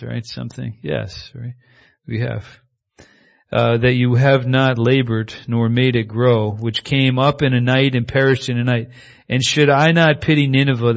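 Man, preacher, conversational sermon, rhetorical asides, muffled lo-fi recording. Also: medium pitch.

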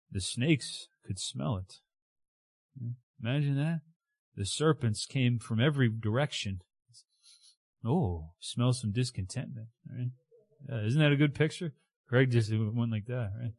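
A man preaching a conversational, animated sermon who keeps checking in with his listeners. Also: medium pitch, dry recording, clean studio sound.

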